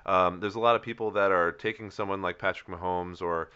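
Low-pitched male podcast co-host, bright crisp tone, halting delivery, dull lo-fi recording. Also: steady tone. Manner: halting, many fillers and restarts. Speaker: co-host of a fantasy football podcast. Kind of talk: casual chat.

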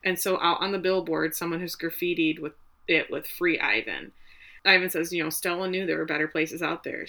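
A woman co-hosting a casual chat, retelling a film's story in an animated, emotional way. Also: lowish voice. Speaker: podcast co-host recapping a film.

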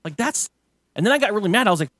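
A man co-hosting a podcast, telling stories in a loose, animated way, full of swearing and mock rants. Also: high-pitched, very fast, no room sound, studio quality. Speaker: podcast co-host. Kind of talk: casual chat.

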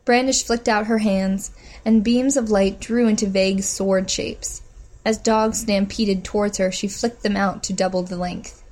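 Woman narrating a story, measured and steady. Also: mid-range voice. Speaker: audiobook narrator. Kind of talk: scripted narration.

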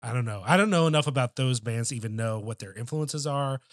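A man's voice: medium pitch, fast talker, no echo, clean studio sound. Chatty man telling a rambling story. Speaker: podcast co-host. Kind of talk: casual chat.

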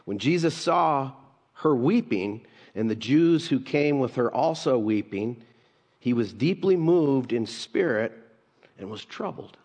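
A man's voice: medium pitch, animated, a little slow, darkish tone. A middle-aged man preaching a sermon in a conversational storytelling way, mixing jokes and asides into his teaching. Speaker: pastor. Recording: long hall reverb.

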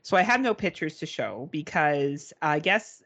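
A woman's voice: low voice, big pitch swings, measured pace, a bit bright, lo-fi sound. A woman co-hosting a podcast, telling a story in casual, profane chat and mimicking beeping gadgets. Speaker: podcast co-host.

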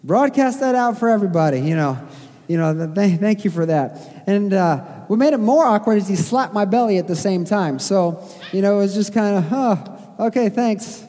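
A man's voice: high-pitched, fairly quick, warm tone. A male pastor from Missouri preaching a sermon in a conversational way, with self-deprecating asides and frequent fillers. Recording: long church hall reverb.

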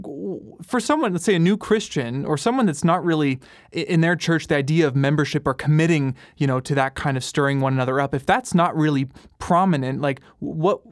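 A man's voice: fairly high pitch, dry recording, clean studio sound. Affirming Canadian man hosting. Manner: affirming, loose hypothetical questions. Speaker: podcast host. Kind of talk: casual podcast conversation.

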